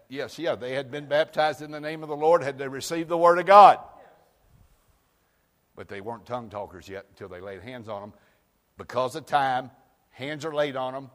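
A man preaching a sermon in a folksy way, moving from loud outbursts to quiet asides. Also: medium pitch, big-room sound. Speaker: pastor.

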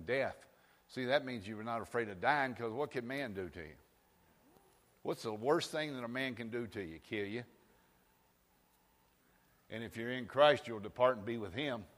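A man preaching a sermon, firing rhetorical questions and rising to shouts. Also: medium pitch, in a large hall. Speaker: pastor. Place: church sanctuary.

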